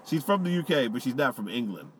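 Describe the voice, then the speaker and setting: Man, casual podcast chat, swings his pitch a lot, profane, laughs easily. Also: fast, slight background noise. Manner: animated, profane, laughs often.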